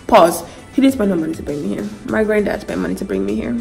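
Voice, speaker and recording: A woman's voice: lowish voice, big pitch swings, fast talker, creaky, a little mellow, soft background music. Young woman telling a storytime vlog. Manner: casual, chatty, many fillers, laughs while telling. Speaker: vlogger.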